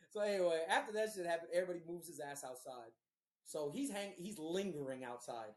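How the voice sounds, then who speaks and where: A man's voice: fairly high pitch, lively intonation, a little fast. A man hosting a podcast, telling a long story in a casual, rambling and profane way. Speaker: podcast host. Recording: roomy echo.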